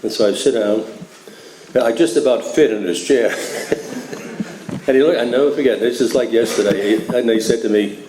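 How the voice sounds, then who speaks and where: A man's voice: medium pitch, normal speed, pauses often. An older man from New York telling his story to a meeting in a humorous, conversational way, often adding "you know" and "right?". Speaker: AA speaker. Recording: echoey hall, faint noise.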